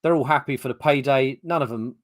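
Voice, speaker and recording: An English man co-hosts a podcast, chatting casually and telling stories while swearing freely. His mid-range voice moves fairly quickly, recorded on a podcast mic at a podcast setup with clean studio sound and no room sound.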